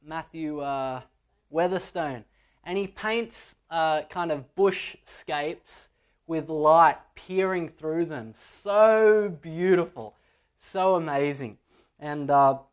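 A man, preaching a sermon and telling stories, acting out a child's voice at times. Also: sits high. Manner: storytelling, acts out a child's voice in anecdotes. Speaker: pastor.

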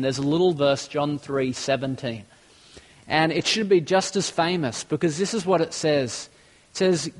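A man's voice: fairly high pitch, long reverb tail. A man preaching a sermon, earnest, asking rhetorical questions and often restarting his sentences. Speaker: pastor.

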